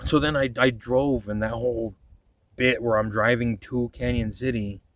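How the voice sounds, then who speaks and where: A man's voice: mid-range voice, steady tone, normal speed, recorded from a distance, slight background noise, poor audio. A man telling rambling, profane stories about making his videos, often quoting himself in a casual monologue. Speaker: vlogger.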